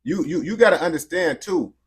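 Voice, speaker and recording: A man's voice: fairly high pitch, lively intonation, a little fast. A man giving casual, slangy, emphatic reaction commentary. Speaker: reaction video host.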